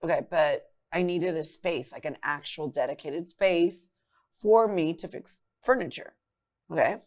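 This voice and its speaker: A woman's voice: low-pitched, a little slow. A middle-aged woman hosting a casual chat, firing blunt, teasing questions at her guest. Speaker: host.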